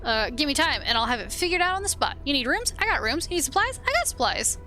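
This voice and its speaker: A woman voicing a boisterous male merchant who rattles off his sales pitch at a rapid clip. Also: big pitch swings, pushed and bright, faint music behind, full character voice. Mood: pushy. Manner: rapid-fire sales patter. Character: boisterous florid male merchant, pushy and loud.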